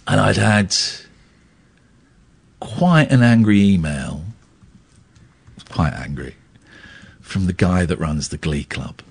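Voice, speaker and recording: Husky, lively radio host. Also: male voice, sits low, slow pace, long pauses. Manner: animated, rambling, self-deprecating, with stammered restarts. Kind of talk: candid talk-radio monologue.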